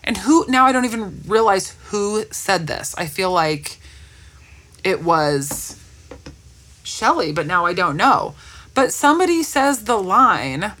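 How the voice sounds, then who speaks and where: A woman co-hosting a casual podcast chat about a TV series, talking in animated bursts. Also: mid-range voice, slow.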